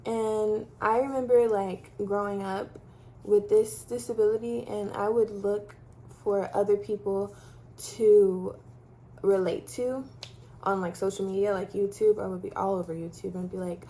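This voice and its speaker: A woman's voice: medium pitch, steady tone, unhurried, warm tone. A woman from Texas telling her own story casually to camera, chatty, with many fillers like "like" and "um". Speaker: vlogger sharing her story.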